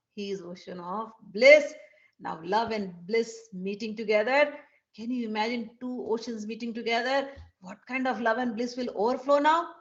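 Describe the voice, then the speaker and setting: A woman telling a devotional story in an animated way, acting out the characters. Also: medium pitch. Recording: dull lo-fi recording.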